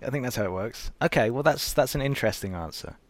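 A man's voice: medium pitch, lively intonation, quick pace. A man hosting a casual podcast interview, asking short, dry questions and laughing along. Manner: brief, laughing, dry prompts.

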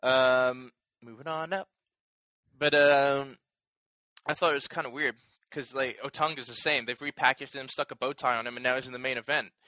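A man's voice: mid-range voice, fairly even intonation, normal speed, sharp tone, no echo, poor audio. A man co-hosting a casual podcast chat, rambling with lots of fillers and the odd swear. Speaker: podcast co-host.

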